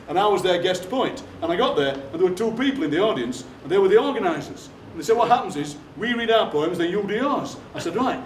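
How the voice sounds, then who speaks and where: A man, telling comic stories to a live theatre audience in a deadpan way. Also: high-pitched, a little hiss or hum. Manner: deadpan anecdotes, acting out other people's lines. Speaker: poet performing on stage. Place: theatre stage. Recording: roomy hall from a distance. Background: audience laughter.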